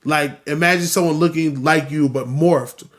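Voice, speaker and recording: Guy doing a solo podcast rant, kinda high voice, swears a lot, repeats himself. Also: moderate pace. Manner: animated, profane, repeats himself, acts out quotes. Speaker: podcast host.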